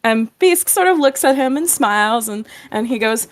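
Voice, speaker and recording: Lively woman player, fairly high voice. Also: normal speed, few pauses. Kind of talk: tabletop role-play narration.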